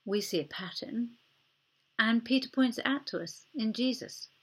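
A woman preaching a sermon in a gentle, conversational way, often dropping her voice almost to a whisper. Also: a little high, moderate pace, slightly rough.

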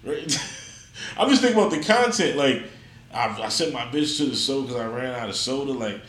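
A man's voice: medium pitch, moderate pace. Slangy New man in an echoey room. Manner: slangy, laughing, animated storytelling. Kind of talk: casual banter. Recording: roomy echo with faint room noise.

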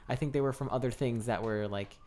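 A man's voice: medium pitch, quick pace, a little mellow. A man co-hosting a casual podcast about a horror film, talking loosely with lots of fillers and frequent laughs. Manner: chatty, laughs often, many "like" and "um" fillers. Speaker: podcast co-host. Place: recording with a co-host.

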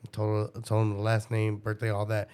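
A young man, a father, telling a story in a casual interview, profane and animated. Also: fairly low pitch, brisk, clean tone. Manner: profane, animated, acts out his own past dialogue.

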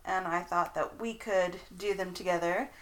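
A woman's voice: fairly low pitch, fairly even intonation, normal speed, poor audio. A young woman co-hosting a casual chat podcast, laughing often between her lines. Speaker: podcast co-host.

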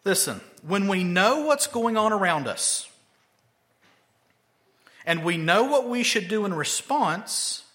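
A man's voice: sits high, animated, slow pace, pauses often, pushed and bright. A male pastor preaching a sermon conversationally, with emphatic rhetorical questions.

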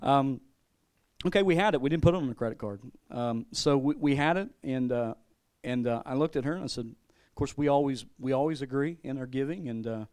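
A pastor gives a sermon built around his personal testimony, speaking a little fast in a medium-pitched, darkish voice. His manner is loose and conversational; he repeats words often, laughs, and acts out quotes.

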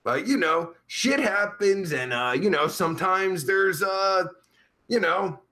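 A man's voice: sits high, animated, slow, bright, forceful tone, exaggerated voice. A man playing a crude, vulgar livestream host who rambles profanely while reading out chat. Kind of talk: live chat comedy stream.

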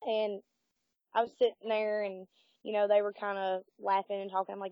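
A woman telling a personal ghost story in casual conversation, animated and laughing as she acts out what people said. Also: mid-range voice, moderate pace, no echo, muffled recording. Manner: animated, laughing, voices quoted speech.

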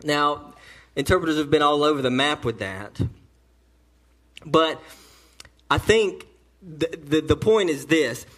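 A man with a notably high speaking voice preaches a church sermon. He drops to near-whispers and climbs to strong emphasis, restarting phrases as he drives each point home. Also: slow pace, long pauses. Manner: emphatic preaching that swings from hushed to loud. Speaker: pastor.

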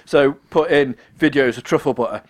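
A man's voice: medium pitch, moderate pace. A man co-hosting a casual podcast, joking and cutting in with questions and asides. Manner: jokey, cuts in with questions and asides. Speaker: podcast co-host.

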